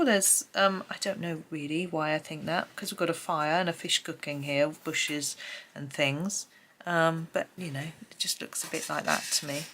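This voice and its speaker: Low, gravelly woman musing. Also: a bit bright, a little hiss or hum. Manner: chatty, musing aloud, light laughs. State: sleepy, just woken up. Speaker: host. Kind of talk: casual flip-through chat.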